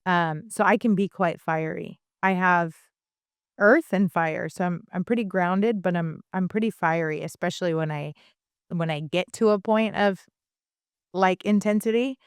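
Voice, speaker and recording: A woman in her thirties co-hosting a podcast, telling stories in a chatty, animated way with many restarts. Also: lowish voice, a little slow, clear, resonant tone, no echo, studio quality. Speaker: podcast co-host. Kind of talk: casual podcast chat.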